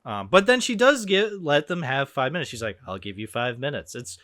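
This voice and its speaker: A young man hosting a casual movie podcast, animated and swearing a bit, acting out lines as he goes. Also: medium pitch, fairly quick, no echo, clean studio sound. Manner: animated, swearing, acts out quotes. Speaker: podcast host. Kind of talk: casual movie review chat.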